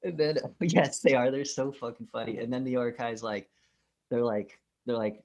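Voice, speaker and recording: A man's voice: medium pitch, normal speed. A man co-hosting a podcast, casually retelling movie scenes with lots of swearing. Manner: profane, animated scene retelling. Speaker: podcast co-host. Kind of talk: casual film discussion.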